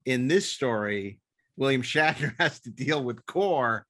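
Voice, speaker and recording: A man's voice: medium pitch, animated, measured pace, fairly bright tone. Enthusiastic podcast co-host man. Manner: laughs often, enthusiastic. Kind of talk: casual chat.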